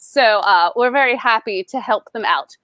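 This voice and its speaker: A woman hosting a comedy show in character, gushing and theatrical, bursting with excitement. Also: a little high, moderate pace, no room sound, clean studio sound. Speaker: host.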